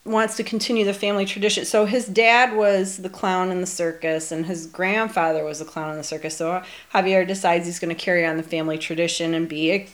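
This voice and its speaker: A woman's voice: on the low side, steady tone, fairly quick, hardly any pauses. A woman co-hosting a casual movie discussion, chatty and full of "like," walking through the plot. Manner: chatty, uses "like" a lot, recaps the plot. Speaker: podcast co-host.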